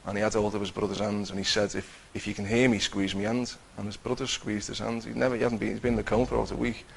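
A man's voice: fairly low pitch, flat delivery, fast talker, gravelly, slight background noise, poor audio. A man telling a personal faith testimony in a conversational way, acting out what he and others said. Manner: conversational, acts out his own quotes, many restarts.

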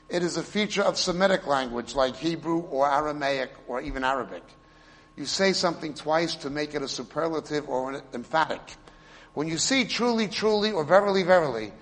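A male preacher with a voice a little higher than most men. He teaches emphatically in a sermon, pressing hard on key words and then dropping into quiet asides. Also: in a large hall. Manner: emphatic, explains Hebrew and Greek words; swings between loud stresses and quiet asides.

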